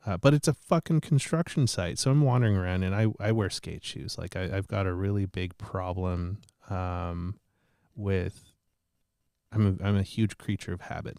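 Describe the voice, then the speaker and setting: Man, low voice, rambling profane storyteller, dry close sound. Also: normal speed, a little mellow, clean tone, dry recording. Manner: rambling, profane, self-mocking. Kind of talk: casual storytelling on a podcast.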